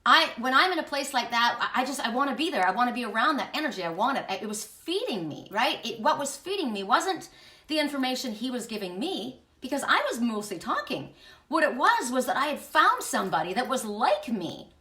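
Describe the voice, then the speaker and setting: A woman's voice: a little high, big pitch swings, brisk, pushed and bright, roomy sound, distant mic. A woman telling a candid personal story in an emphatic, confiding way, with frequent restarts and blunt swearing. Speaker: spiritual channel host.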